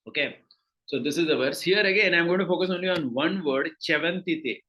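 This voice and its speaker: Bright-voiced Indian man teaching scripture. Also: fairly high pitch, lively intonation, normal speed, lo-fi sound. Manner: explains patiently, many fillers and repeated words. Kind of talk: scripture class lecture.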